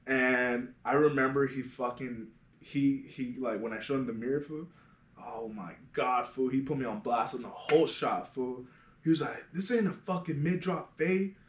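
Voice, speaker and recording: A man who works as a barber, telling shop stories on a casual podcast in a profane, animated way and calling everyone "fool". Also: mid-range voice, normal speed. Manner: profane, animated storyteller, says "fool" constantly. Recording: echoey room.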